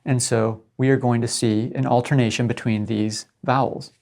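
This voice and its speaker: A middle-aged man lectures as a professor, with a gravelly, creaky edge to his voice. He explains step by step at a medium pitch and keeps checking in with his listeners. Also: fairly even intonation, normal speed, darkish tone.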